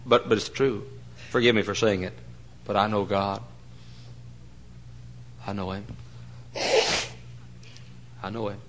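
A middle-aged man preaching a sermon, telling folksy stories and swinging between loud mock-pompous lines and hushed asides. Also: on the low side, fairly even intonation, slow pace, pauses often, noisy background.

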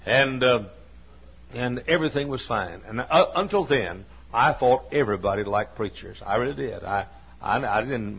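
Husky sixty-something preacher in a church, folksy and earnest, keeps coughing and restarting, muffled lo-fi tape. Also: male voice, lowish voice. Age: 60s. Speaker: pastor. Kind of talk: sermon with personal stories. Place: church sanctuary. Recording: dull lo-fi sermon recording.

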